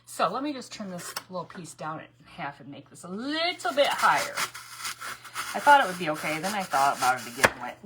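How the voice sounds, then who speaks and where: A woman's voice: lowish voice, big pitch swings, brisk, background noise. A woman hosting a casual crafting tutorial, chatty and rambling, often laughing and correcting herself as she works. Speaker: craft video host.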